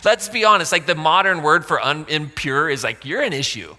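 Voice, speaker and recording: A man's voice: a little high, very animated, brisk, bright, forceful tone, long reverb tail. A man pastor giving a sermon in a casual, joking way, with asides to the congregation. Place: church sanctuary.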